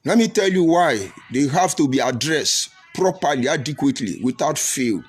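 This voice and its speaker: A man's voice: fairly high pitch, expressive, moderate pace, husky, soft background music. A middle-aged man, giving a preachy broadcast commentary and repeating phrases for emphasis. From Nigeria. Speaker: political commentator.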